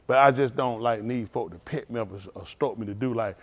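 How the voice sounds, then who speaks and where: A male pastor giving an informal, animated testimony sermon at a service, talking straight to the congregation and laughing often. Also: mid-range voice, quick pace. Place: synagogue service.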